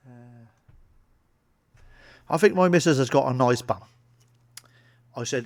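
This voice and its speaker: A man's voice: mid-range voice, sing-song, moderate pace, pauses often. A man from England telling crude, sweary jokes to camera as a stand-up comedian. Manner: blunt and sweary, with a chuckling aside. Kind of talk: crude joke-telling monologue. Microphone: solo to camera, wearing a mask.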